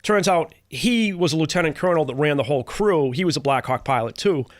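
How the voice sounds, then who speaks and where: A man's voice: on the high side, animated, a little fast, no room sound, studio quality. A man, a comedian, telling stories casually and acting out other people's lines in shifting voices. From Cambridge, Massachusetts. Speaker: comedian guest. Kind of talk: casual storytelling.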